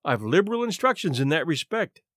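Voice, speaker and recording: A man voicing an excitable, pleading gentleman in an opera hat in a story reading. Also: on the high side, fairly quick, no room sound, studio quality. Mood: excited. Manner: eager, pleading.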